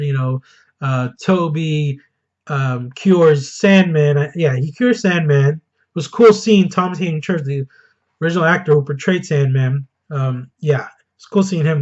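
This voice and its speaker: A man giving a casual, excited film review, gushing and bursting into loud enthusiasm now and then. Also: fairly high pitch, muffled recording. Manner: excited, gushing, quick swings into loud outbursts. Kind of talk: casual spoiler review monologue.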